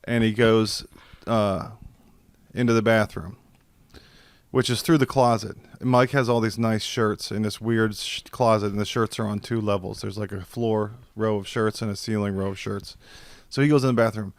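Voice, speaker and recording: A man's voice: on the low side, fairly even intonation, normal speed, no room sound. A man telling a long funny story in casual chat over a video call, acting out the quotes and laughing often. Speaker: podcast guest. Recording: dry video call audio.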